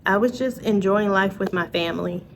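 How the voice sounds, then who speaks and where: A woman's voice: mid-range voice, normal speed, gravelly, background noise. A woman vlogging in a casual chat to camera, talking to her viewers with frequent laughs and asides. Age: adult, parent.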